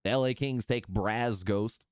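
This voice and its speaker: Smooth-voiced man hosting a draft. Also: lowish voice, measured pace, dry recording, studio quality. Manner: relaxed, upbeat announcing. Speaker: draft host. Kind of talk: live-stream draft commentary.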